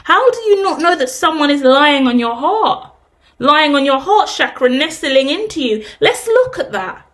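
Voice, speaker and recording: Woman, tarot reader, rambling, casual swearing, fairly high voice. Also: big pitch swings, normal speed, a bit bright. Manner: rambling, casual swearing, laughs at own tangents. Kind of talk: intuitive tarot reading.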